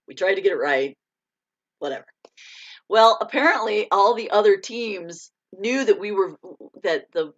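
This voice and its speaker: Animated American woman telling a story. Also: mid-range voice. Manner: animated, laughs often, excited bursts. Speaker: author hosting a live chat. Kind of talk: casual storytelling to a live audience. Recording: dull lo-fi stream audio.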